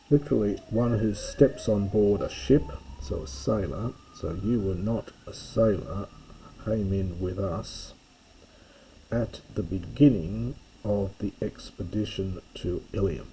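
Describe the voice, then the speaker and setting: Man, lecturer, slow scholarly reading, low voice, husky, careful explanations. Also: mellow, low-quality recording. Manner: careful and explanatory, pauses to correct himself. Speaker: lecturer reading a Greek play.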